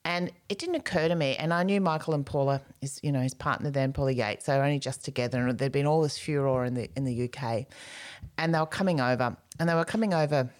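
A woman's voice: rumbling low, fast talker, a little mellow. A middle-aged woman co-hosting a podcast, telling rambling anecdotes in casual chat and acting out voices. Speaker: podcast co-host.

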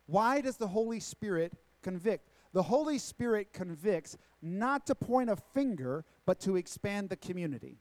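High-voiced man preaching a sermon. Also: very animated, moderate pace, hardly any pauses, darkish tone, no room sound. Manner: preaching with emphatic repetition and rhetorical questions. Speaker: pastor. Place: church sanctuary.

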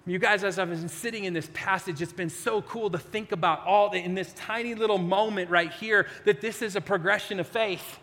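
A man's voice: high-pitched, steady tone, brisk, hardly any pauses, fairly bright tone, big-room sound. A man preaching a sermon in a conversational, storytelling way, acting out quotes as he goes.

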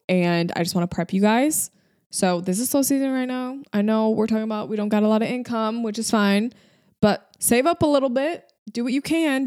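A woman's voice: fairly low pitch, darkish tone, dry recording, studio quality. A young woman hosting a podcast, chatting casually in a bubbly, rambling way with frequent giggles. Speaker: podcast host. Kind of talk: casual solo podcast chat.

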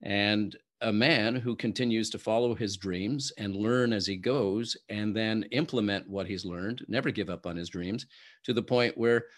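A man hosting a podcast interview, thoughtfully summing up his guest's story. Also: lowish voice. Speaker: podcast host.

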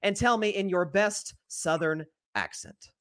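A man with an East Tennessee accent hosting a casual sports podcast, upbeat and full of quick restarts and repeated words. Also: high voice, sing-song, fairly bright tone. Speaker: podcast host.

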